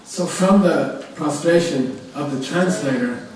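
A man teaching a class on a Buddhist text, explaining terms slowly and checking in with "okay?" again and again. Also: a little high, a crowd in the background. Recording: echoey hall, distant mic. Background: audience of students.

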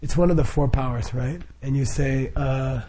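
Mellow-voiced man, rambling and chuckling. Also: mid-range voice, moderate pace. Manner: rambling, chuckling, many fillers and restarts. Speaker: Buddhist group leader. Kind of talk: informal instruction to a group.

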